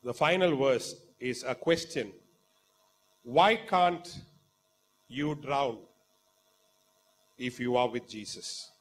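A man with an Indian English accent preaching a sermon, fervent and dramatic, swinging from quiet talk to loud exclamations. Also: mid-range voice, expressive, slow pace, pauses often, slight background noise. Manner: acts out quoted voices in the story.

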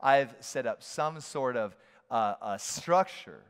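A man preaching a sermon as a pastor, animated and playful, now and then acting out shouted voices. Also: medium pitch, slow pace, smooth. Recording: long hall reverb.

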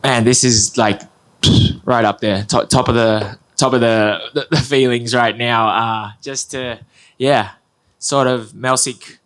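A man's voice: mid-range voice, fairly even intonation, takes it slowly, a bit bright. A man answering press questions after a fight, upbeat and loose, with many fillers and restarts. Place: press conference room.

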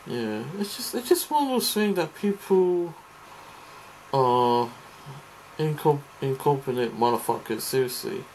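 A man's voice: medium pitch, expressive, unhurried, a little mellow, slight background noise, low-quality recording. Rambling, profane man ranting. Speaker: vlogger. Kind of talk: ranting monologue to camera.

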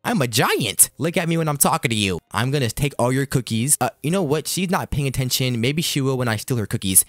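A young man commentating his own gameplay in a jokey, excitable, slangy way, with sudden high yelps. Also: a little fast, no room sound, clean studio sound. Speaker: gaming YouTuber. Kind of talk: game commentary.

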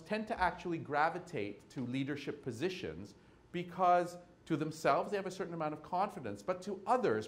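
A man giving a keynote lecture, telling stories and acting out quick scenes between people. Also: a little high. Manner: animated, acts out little scenes with quoted voices. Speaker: keynote speaker. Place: lecture hall with audience.

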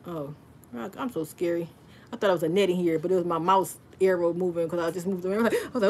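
Fast-talking chatty woman. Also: fairly low pitch, darkish tone, husky. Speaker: crafting livestream host. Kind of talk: casual livestream chat and craft demo.

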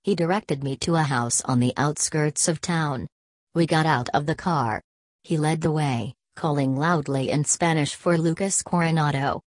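A woman reading a story aloud as an audiobook narrator, in an even, unhurried way. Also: deep voice, no room sound.

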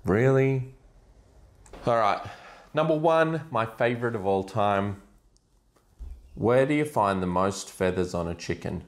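A middle-aged dad with a lowish voice who tells his jokes at a slow, unhurried pace. He delivers them deadpan and groans at his own punchlines, self-deprecating throughout. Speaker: father telling dad jokes. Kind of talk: deadpan joke telling.

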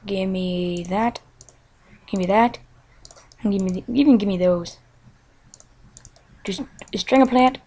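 A woman narrates her own gameplay in a loose, playful, silly way. She talks at an unhurried, slow pace and chants little nonsense words to herself. Her voice sits at an ordinary middle pitch. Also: mellow. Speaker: let's play host. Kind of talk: casual gameplay commentary.

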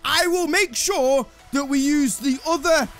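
Excitable gamer with a very high voice. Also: male voice, measured pace, faint music behind. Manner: excitable, swearing, self-mocking. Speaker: gaming commentator. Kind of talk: let's play commentary.

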